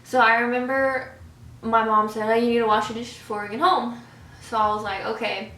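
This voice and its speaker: A woman's voice: fairly high pitch, brisk, far from the mic. A young woman vlogger telling stories casually over a meal and acting out the scenes as she goes. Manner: animated, acts out scenes and voices. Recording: roomy echo, voice off-mic.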